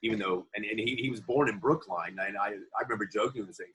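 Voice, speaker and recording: A man, an actor being interviewed, telling animated anecdotes from film sets in a casual way. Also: fairly low pitch, quick pace, few pauses, low-quality recording. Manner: animated anecdotes, acts out quoted voices. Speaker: actor guest. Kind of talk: interview storytelling.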